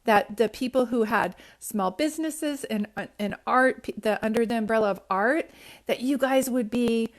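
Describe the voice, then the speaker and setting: A woman speaks casually into her phone on a live stream, giving psychic readings to viewers. Her voice sits a little high, and her talk is affectionate and rambling, with many restarts and pet names like sweetie pie and sunshine. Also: moderate pace.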